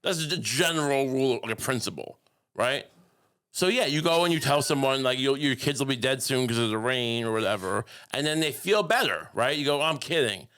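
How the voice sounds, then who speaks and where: A man co-hosting a comedy podcast, talking in deadpan, rambling bits full of restarts. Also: medium pitch, a little fast. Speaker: podcast co-host. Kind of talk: casual comedic podcast banter.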